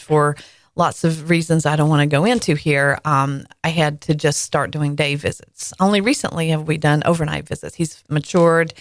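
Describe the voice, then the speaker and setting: Woman in her 40s hosting a podcast, low voice, candid, dry close sound. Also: no room sound. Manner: candid, storytelling, frequent fillers. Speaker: podcast host. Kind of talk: casual conversation.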